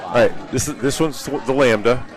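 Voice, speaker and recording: A man's voice: medium pitch, normal speed. A man doing live bowling commentary, cracking dry jokes with his co-host. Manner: dry, joking asides. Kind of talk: live sports commentary with banter. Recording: loud bowling alley crowd. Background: crowd at a bowling alley.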